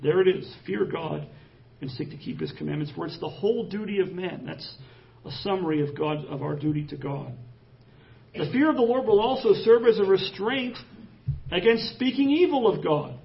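A man's voice: high-pitched, lively intonation, moderate pace, gravelly, recorded from a distance. A man preaching an expository sermon, reading scripture aloud and pressing the points with rising emphasis. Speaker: pastor. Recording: dull lo-fi sermon audio.

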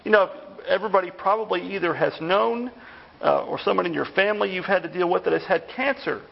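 High, gravelly-voiced pastor preaching. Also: male voice, fast, highs cut off. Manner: conversational, animated when retelling stories. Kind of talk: evening sermon. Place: church.

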